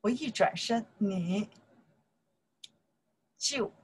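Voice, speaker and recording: A woman's voice: medium pitch, animated, extremely slow, slight background noise, poor audio. A woman with a Chinese accent, a native Chinese speaker teaching a language lesson in simple English, explaining grammar and repeating phrases.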